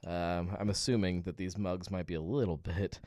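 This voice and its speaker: Deep-voiced man rambling through a beer chat. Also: fairly even intonation, normal speed, dark tone, dry recording, studio quality. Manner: rambling, filler-heavy, reads chat comments aloud. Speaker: livestream host. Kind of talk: casual live beer-tasting chat.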